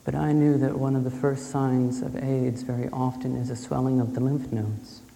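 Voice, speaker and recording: A man telling a personal story in a calm, reflective way before an audience. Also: medium pitch, normal speed, creaky. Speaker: speaker. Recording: echoey hall with faint ambience.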